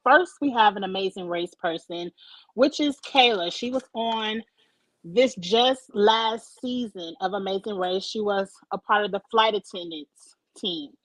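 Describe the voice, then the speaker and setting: A woman's voice: mid-range voice, a little slow, fairly bright tone, no room sound, poor audio. Woman cohost, chatty and opinionated, slangy, dry close mic. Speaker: podcast co-host. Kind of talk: casual reality-TV chat. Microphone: desk mic.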